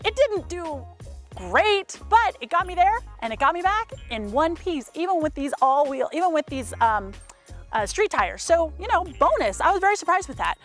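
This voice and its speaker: A woman's voice: very high voice, big pitch swings, normal speed, fairly bright tone, faint music behind. A woman giving a chatty, frank car review to camera, with hesitant fillers.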